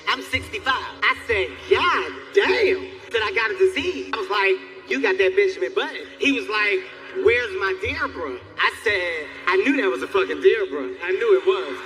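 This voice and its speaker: Stand-up comic, male; high sharp voice, animated and profane, leaps into excited yelps. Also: big-room sound. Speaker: stand-up comedian. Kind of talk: stand-up comedy storytelling. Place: stage before a live audience.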